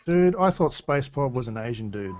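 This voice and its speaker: A guest in an online hangout chats casually in a medium-pitched, expressive voice at a moderate pace, laughing often and swearing freely. A crowd can be heard behind him, and the call audio is dull and lo-fi.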